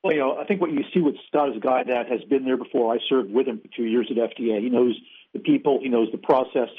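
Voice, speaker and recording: A man's voice: medium pitch, quick pace, slight background noise. A man speaking as an interview guest over the phone, fluent and policy-focused, with frequent "you know" fillers. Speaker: interview guest, former agency official. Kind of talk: interview on a call-in line. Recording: tinny phone line.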